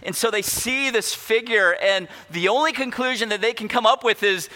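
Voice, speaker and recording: A pastor delivering an expository sermon, asking rhetorical questions and slowing down to stress key words. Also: male voice, very high voice, pushed and bright. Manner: emphatic, rhetorical questions, slows down for weight.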